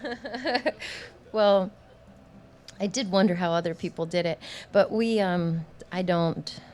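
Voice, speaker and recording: Speaking slowly in a fairly low, slightly mellow voice, a woman singer-songwriter jokes around between numbers at a small club gig, often laughing and poking fun at herself as she rambles. The live recording carries guitar under her voice and slight background noise.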